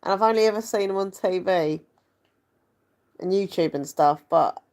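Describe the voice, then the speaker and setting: A woman's voice: medium pitch, moderate pace, a little mellow. A young woman, chatting casually to camera in a rambling, self-deprecating way. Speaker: vlogger.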